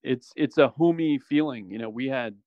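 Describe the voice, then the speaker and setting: In a mid-range voice at normal speed, an ex-special operations soldier chats as a guest in an interview. Relaxed and meandering, he keeps restarting his sentences and leans on "you know" and other fillers. The sound is dull and has no room ambience.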